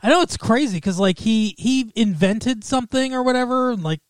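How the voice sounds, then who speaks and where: A man's voice: very high-pitched, expressive, normal speed, smooth, no room sound. A man co-hosting a podcast in casual chat, laughing often and rambling playfully. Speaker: podcast co-host.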